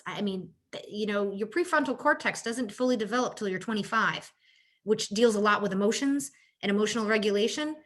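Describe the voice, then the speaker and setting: A woman with a mid-range voice leads a workshop as a health coach. Her delivery is conversational and full of "you know" and "right?" tags. She raises her pitch to act out the exchanges she quotes. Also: bright, forceful tone. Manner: acts out quoted exchanges in a higher voice. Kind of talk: workshop presentation on caregiver stress.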